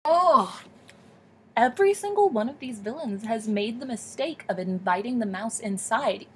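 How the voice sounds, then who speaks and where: A woman's voice: on the high side, moderate pace. A young woman hosting a comedic storybook reading, mixing narration with sarcastic asides. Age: young adult. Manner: playful, sarcastic, animated asides. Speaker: host and reader. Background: background music.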